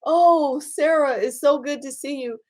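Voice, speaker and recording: A woman voicing a forgetful adult woman patient in a hospital bed, who sounds high, eager and keeps asking the same question. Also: unhurried, darkish tone. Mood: eager, confused.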